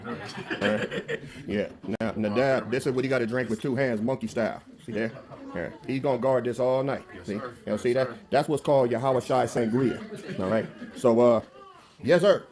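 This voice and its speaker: A man's voice: mid-range voice, normal speed, a little mellow. Male home cook, casual and chatty, showing his food on camera. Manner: easygoing, chatty, proud showing off dishes. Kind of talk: casual filmed chat.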